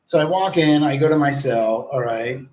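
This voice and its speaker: A man's voice: medium pitch, normal speed, a little mellow, a little hiss or hum. A man livestreaming, telling a long rambling story full of swearing and acted-out exchanges. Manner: rambling, profane, acts out quoted exchanges. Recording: echoey room.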